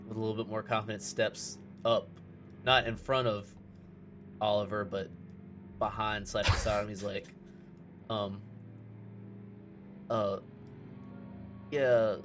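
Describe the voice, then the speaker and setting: A male player in a tabletop game, speaking in a laid-back, halting way, partly in character. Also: lowish voice, flat delivery, over music. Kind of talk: in-character tabletop role-play.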